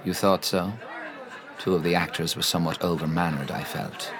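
A man's voice: deep voice, fairly even intonation, normal speed, natural voice. A man in an audio drama playing a vain, witty Victorian playwright who speaks in a languid, grand way, with party chatter behind him. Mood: theatrical. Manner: languid, grandiloquent, self-admiring. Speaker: actor.

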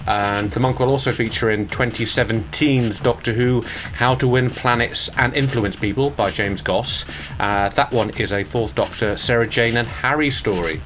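A man's voice: fairly low pitch, a bit bright. An Irish man in casual podcast chat, reading out the news in a distracted, self-mocking way, stumbling over names. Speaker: sound designer reading the news.

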